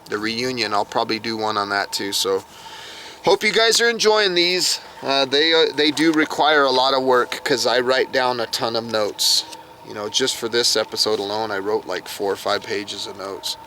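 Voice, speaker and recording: A man's voice: on the low side, bright, forceful tone, slight background noise. Chatty man recapping from notes. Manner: chatty, reads from notes, reacts aloud. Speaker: YouTube episode recapper. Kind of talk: casual recap monologue.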